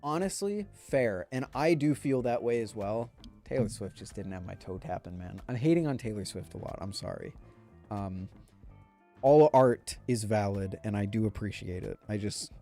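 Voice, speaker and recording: Male streamer, mellow and easygoing, rambling chat, faint music behind. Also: on the low side, expressive, normal speed. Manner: rambling, laid-back, chuckles often, speaks straight to viewers. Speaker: livestreamer. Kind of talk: casual live-stream chat.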